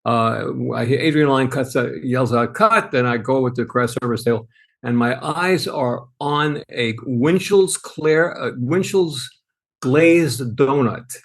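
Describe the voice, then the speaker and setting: A man co-hosting a podcast, telling an animated anecdote in casual conversation. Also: mid-range voice, measured pace. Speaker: podcast co-host. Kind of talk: casual storytelling.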